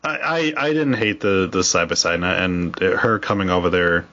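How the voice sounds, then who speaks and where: Midwestern male co-host, low voice, halting casual delivery, dull lo-fi audio with faint noise. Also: sharp tone. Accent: Midwestern American. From Wisconsin, USA. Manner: halting, many restarts and laughs. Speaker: podcast co-host. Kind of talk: casual chat.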